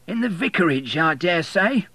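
A man's voice: sits high, very animated, moderate pace, bright, forceful tone, dry recording, voice pushed up, exaggerated voice. A man voicing a pompous church warden who talks down to an impatient visitor, in an audiobook reading. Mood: condescending. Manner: condescending, drawn out.

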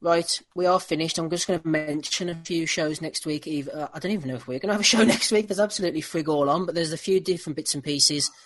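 Brisk, offhand male host. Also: a little high, fairly bright tone, a little hiss or hum. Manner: brisk, offhand, running the votes. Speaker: podcast host. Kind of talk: casual chat.

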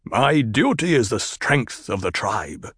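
A man voicing a stern, commanding desert tribal leader who speaks slowly and gravely. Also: mid-range voice, sing-song, fairly bright tone, dry recording, studio quality, full character voice. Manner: measured, slow, authoritative. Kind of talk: audiobook character voice.

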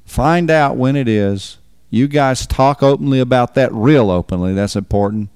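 A man's voice: mid-range voice, normal speed, a little mellow, clear, resonant tone, no room sound, clean studio sound. A man preaching on marriage in a folksy, emphatic way, repeating words for stress. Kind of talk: sermon.

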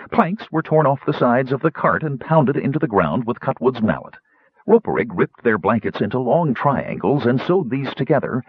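A man narrating a fantasy story in an expressive reading voice. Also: medium pitch, breathy edge, dry recording. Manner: expressive, voicing many characters. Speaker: audiobook narrator. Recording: dull lo-fi audiobook recording.

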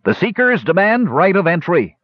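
Man putting on a harsh goblin soldier, pitched high above his own voice, sneering and greedy, storybook. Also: very animated, moderate pace, dry recording, highs cut off. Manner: mocking, scheming. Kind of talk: audiobook character voice.

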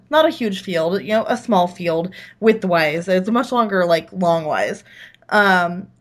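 A woman co-hosting a podcast, telling a childhood story in a rambling, playful way. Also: lowish voice. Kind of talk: casual chat.

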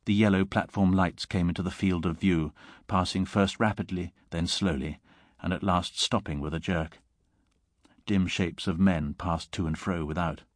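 A man reading a short story aloud in a measured, steady narrating voice. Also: low-pitched, no echo, studio quality. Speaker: reader.

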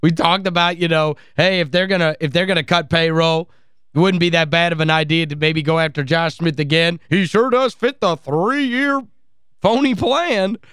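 A man's voice: on the high side, moderate pace, fairly bright tone, clean tone, no room sound, clean studio sound. A man hosting sports talk radio, gleeful and mocking as he plays clips. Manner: gleeful, mocking, laughs often.

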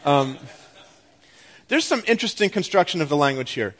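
A man preaching a sermon as a pastor, with an animated, self-deprecating delivery that moves between loud excitement and quiet emphasis. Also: fairly high pitch, moderate pace.

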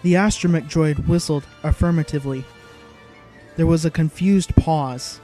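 A man's voice: on the high side, normal speed, dark tone, faint music behind. A man giving dramatic, vivid scripted narration of an audiobook.

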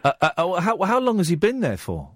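Lively, teasing male radio host. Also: high-pitched, a little fast, no echo, studio quality. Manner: playful, teasing, rambling. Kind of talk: late-night radio chat. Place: radio studio. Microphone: studio microphone.

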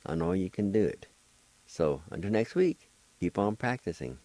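A man's voice: deep voice, animated, normal speed, dark tone, no echo, rough recording. A man teaching a language lesson, spelling and pronouncing words syllable by syllable in a patient, encouraging way. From Oklahoma. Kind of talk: slow spelling and pronunciation lesson.

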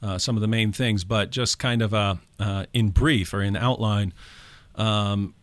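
A man's voice: on the low side, fairly even intonation, unhurried, no room sound. A man speaking on a call-in radio talk show, recites quotations in a raised tone. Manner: quotes scripture in a raised, recited tone. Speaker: guest speaker.

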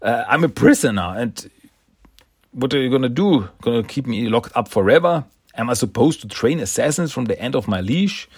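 Fierce snarky assassin lady, guy reading her, husky low voice, dry sound. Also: lively intonation, normal speed, no echo. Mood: defiant. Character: defiant woman assassin, fierce and sarcastic.

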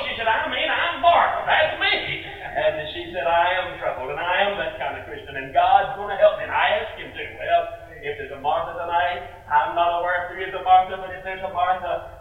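Man preaching, distant and very echoey. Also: sits high. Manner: emphatic preaching, quoting speakers in a raised voice. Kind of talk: sermon. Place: church service hall. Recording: far-off echoey phone-like sermon tape.

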